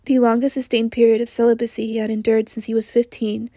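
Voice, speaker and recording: A hoarse woman narrating an audiobook in a measured, even literary reading. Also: fairly high pitch, no room sound, studio quality.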